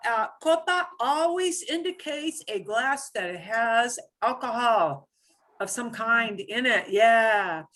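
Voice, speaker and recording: A woman's voice: on the high side, fairly bright tone. A woman teaching a beginner Spanish class, patiently explaining sounds step by step and repeating words for students to echo. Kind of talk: beginner language lesson.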